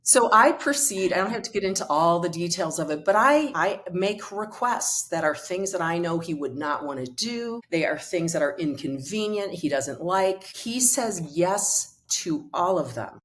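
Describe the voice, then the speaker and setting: A woman's voice: lowish voice, expressive, normal speed, few pauses, fairly bright tone. A middle-aged woman, a coach and author, telling a personal story in conversation and acting out the quoted dialogue.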